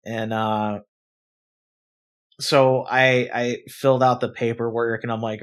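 A young man co-hosting a casual podcast, telling a story and acting out both sides with sudden loud outbursts and lots of swearing. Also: medium pitch, level tone, unhurried. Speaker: podcast co-host. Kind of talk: casual chat.

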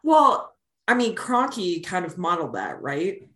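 A woman co-hosting a casual sports podcast, quick and blunt with wry asides. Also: on the low side, big pitch swings, fairly bright tone, echoey room. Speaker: podcast co-host.

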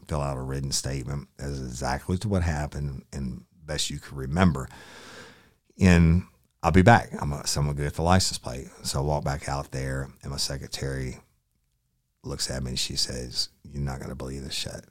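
Male storyteller, ex-lawman, very deep and dry, casual and profane. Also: no room sound. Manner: casual, profane, quotes people in dialogue. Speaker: former sheriff's investigator. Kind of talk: storytelling, recounting a case.

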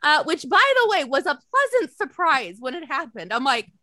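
A woman co-hosting a casual chat, telling lively stories, swearing freely and acting out quotes. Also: sits high, moderate pace, dry recording, clean studio sound. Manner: animated storytelling, swears freely, acts out quotes. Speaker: podcast co-host.

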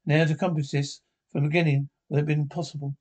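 An actor voices a shy, withdrawn scientist from a 1950s TV drama who speaks calmly and with regret about the android he built. His voice sits a little high and stays fairly flat and even. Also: fast talker, lightly acted. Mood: explaining. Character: lonely shy male scientist, creator of an android.

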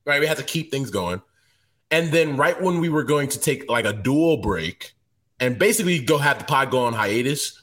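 A man's voice: mid-range voice, fairly bright tone. A man co-hosting a podcast in easygoing casual banter, often restarting sentences. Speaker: podcast co-host.

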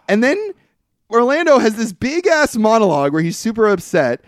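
A man casually recapping a movie on a podcast, lively and profane, breaking into mocking high outbursts. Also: normal speed, no room sound, studio quality. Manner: lively, swears, mimics characters in exaggerated high outbursts. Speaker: podcast co-host.

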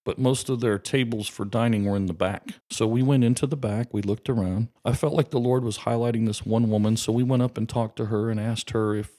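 A man's voice: medium pitch, steady tone, fairly quick, few pauses, mellow. A man in street ministry, telling a heartfelt testimony in an earnest storytelling way. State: emotional, voice breaking. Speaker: street ministry outreach leader.

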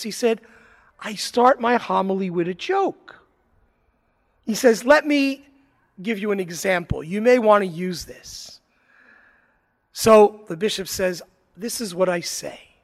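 A man preaching a sermon, telling a joke and a personal story with dramatic pauses and swells. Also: high-pitched, long reverb tail. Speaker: priest. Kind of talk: sermon with told anecdotes.

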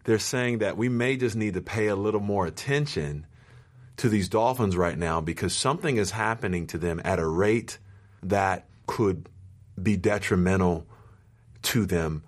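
A man hosting an interview podcast, explaining his point in a measured, thoughtful way. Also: fairly low pitch. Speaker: podcast host. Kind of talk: casual conversation.

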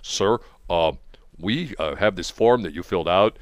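Deep-voiced federal agent, halting and officious, put on by a man. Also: dry recording, dull audio. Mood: stern. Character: stern male federal agent questioning a suspect.

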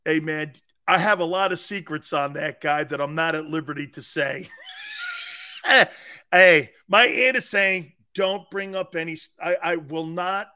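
Excitable high-voiced sports show host. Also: male voice, normal speed, few pauses, clear, resonant tone. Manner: animated, joking, jumps between chat comments. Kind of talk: live-stream sports talk, reading chat.

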